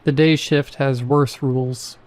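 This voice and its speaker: A man voicing an apathetic male supermarket security guard who speaks in a flat, almost bored way. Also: medium pitch, unhurried, natural voice.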